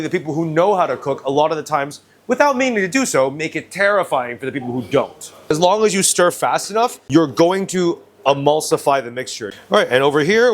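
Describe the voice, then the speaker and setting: A man's voice: fairly high pitch, a little hiss or hum. A young man from China hosting a casual cooking demonstration, blunt, joking and often profane as he explains each step. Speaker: chef and cooking video host. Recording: music playing underneath.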